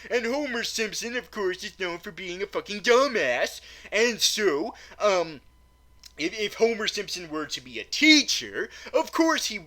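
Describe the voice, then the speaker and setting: A man with a high, sharp voice tears into a film in a rambling comedic rant. He stumbles over his words, restarts sentences and leans on fillers. His profanity comes out exasperated. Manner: stammering, repeats words, many fillers. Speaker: movie reviewer.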